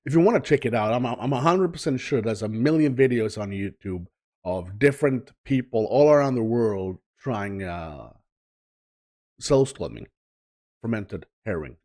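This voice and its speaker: A Swedish man with a Swedish accent, reacting bluntly to a video in casual commentary, halting with many fillers. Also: medium pitch, expressive, darkish tone. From Sweden. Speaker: reaction channel host.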